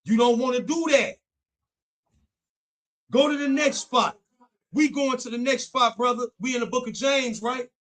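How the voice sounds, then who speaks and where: A man's voice: very high-pitched, moderate pace, long pauses, fairly bright tone. A young man co-hosting a faith talk show, preaching on scripture in a fervent, repetitive, colloquial way. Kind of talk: preaching Bible study talk.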